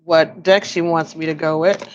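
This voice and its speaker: A woman's voice: sits low, steady tone, normal speed, lo-fi sound. A tired woman casually reading tarot cards on a live stream, chatting with viewers by name and laughing often. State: tired, yawning.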